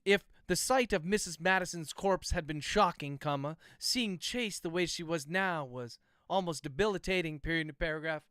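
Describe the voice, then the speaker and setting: A man, an author, dictating his thriller aloud at a steady, methodical pace, speaking the punctuation marks. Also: fairly high pitch, moderate pace, hardly any pauses, clean tone, no echo, studio quality. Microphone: close livestream microphone.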